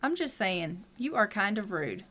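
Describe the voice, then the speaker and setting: A woman's voice: mid-range voice, very animated, unhurried, sharp tone, exaggerated voice. A woman voicing a sassy, teasing pregnant young woman who nags her father.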